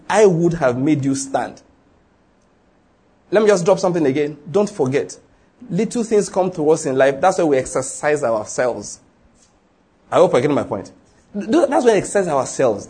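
A man's voice: fairly high pitch, a little mellow, breathy edge. A man with a Nigerian accent preaching a sermon, emphatic and full of rhetorical questions, acting out the people in his story.

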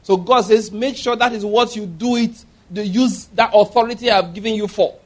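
A man's voice: high voice, normal speed. A man preaching a sermon, emphatic and laughing often, acting out little voices as he talks. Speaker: pastor.

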